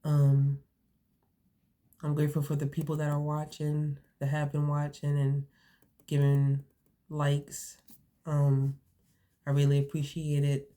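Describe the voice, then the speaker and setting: A young woman vlogging from home, talking earnestly and haltingly, repeating herself. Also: deep voice, monotone, dark tone. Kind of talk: casual talk to camera. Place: home, indoors.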